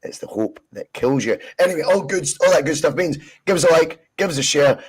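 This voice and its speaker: A man's voice: fairly high pitch, expressive, brisk, breathy edge, low-quality recording. A man hosting a podcast, chatting casually with jokey, self-mocking banter. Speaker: podcast host. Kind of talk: casual chat.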